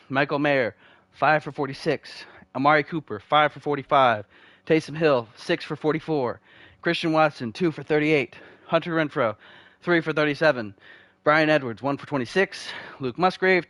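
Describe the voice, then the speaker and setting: A man's voice: a little high, fairly bright tone, no echo. A young man in casual gameplay commentary, rambling and self-deprecating while reading off game stats. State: uncomfortable, needs the bathroom. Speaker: video game franchise mode host.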